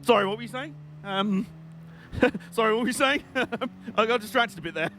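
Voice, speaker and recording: A man's voice: high-pitched, animated, moderate pace, a bit bright, faint music behind. A young man giving rambling, jokey live commentary while playing a racing game on stream. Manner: jokey, rambling, chatty banter.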